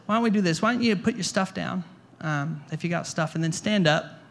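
Before a congregation in a church hall, a man whose voice sits high preaches fairly quickly. His sermon is conversational, full of repeated words and questions aimed at the room.

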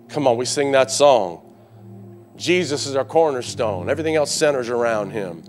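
A man preaching a sermon as pastor, rising into loud fervent calls and dropping to quiet asides, often repeating words as he builds. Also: mid-range voice, lively intonation, moderate pace, faint music behind. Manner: repeats and restarts words when fired up.

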